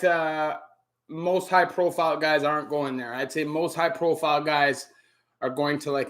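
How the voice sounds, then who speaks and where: A middle-aged Canadian man with a Canadian accent hosting a relaxed live Q&A stream, greeting viewers by name and filling gaps with "you know". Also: a little high. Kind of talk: casual live-stream chat. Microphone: camera on a stand.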